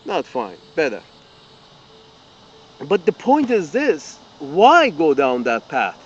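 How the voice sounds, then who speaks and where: A political commentator with a fairly high, wildly swooping voice speaks slowly in an angry, profane open-letter rant, repeating himself and restarting sentences. The audio is dull, with a little hiss or hum.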